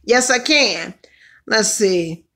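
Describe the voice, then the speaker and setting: A woman hosting a casual livestream, chatty and hoarse from allergies, exclaiming and calling out to her viewers. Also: medium pitch, animated, slow pace, bright, forceful tone. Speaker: livestream host.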